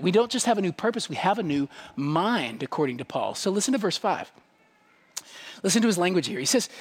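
A man preaching a sermon as pastor, emphatic and full of rhetorical questions. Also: sits high.

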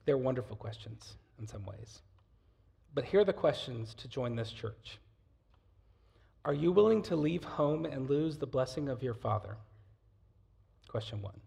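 A male pastor preaching a sermon with passion, swinging between loud emphasis and near-whispers. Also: mid-range voice, expressive, measured pace, creaky, long pauses.

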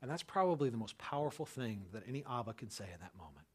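A man preaching a sermon, talking in a conversational way with frequent "right?", who swings from loud rising outbursts to soft hushed tenderness. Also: medium pitch, very animated, fast, slightly rough. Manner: conversational, repeats words and asks "right?" often. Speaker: pastor.

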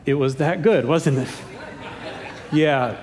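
A man's voice: slow, darkish tone, a faint crowd. A man preaching a sermon as pastor, with playful, self-deprecating humor. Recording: echoey hall with faint rumble.

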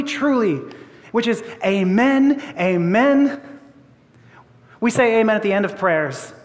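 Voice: medium pitch, in a large hall. A pastor giving a sermon in a church, conversational and laughing often, with frequent repeated words.

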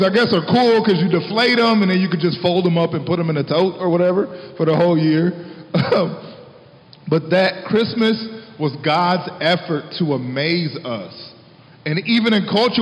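A man preaching a sermon in a relaxed, conversational way, laughing often and reading scripture aloud. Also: sits high, normal speed. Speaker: pastor. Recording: long hall reverb, dull lo-fi sound.

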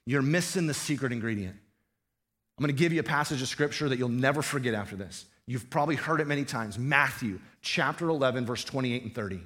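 A man's voice: medium pitch, fast talker, fairly bright tone. A male pastor preaching a sermon in a conversational way, often asking the congregation questions.

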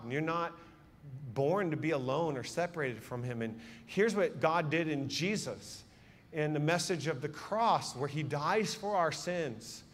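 A man with a fairly high voice preaches to his congregation, turning his sermon into an animated story. He swings between loud bursts and hushed, intimate moments, and long reverb from the hall trails after his words.

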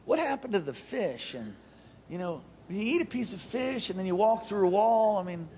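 Intense, animated male preacher. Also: moderate pace, a little hiss or hum. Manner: animated, storytelling, jumps into high voices for characters. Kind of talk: sermon.

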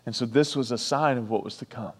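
A pastor preaching a sermon, repeating key lines for emphasis and breaking off for chatty asides. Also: male voice, medium pitch, fast, in a large hall.

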